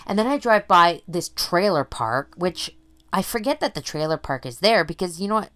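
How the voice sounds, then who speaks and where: A middle-aged woman from Canada talking casually as a podcast co-host, her voice a little low for a woman. She tells a family story with animated energy and acts out her own panicked shouts. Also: normal speed. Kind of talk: casual chat.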